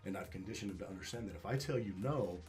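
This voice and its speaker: A man who trains dogs, explaining them in a casual interview and acting out owners and dogs in lively, salty asides. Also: deep voice, quick pace, soft background music. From Northwest Arkansas. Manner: animated storytelling, acts out dog and owner with swearing. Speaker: dog trainer.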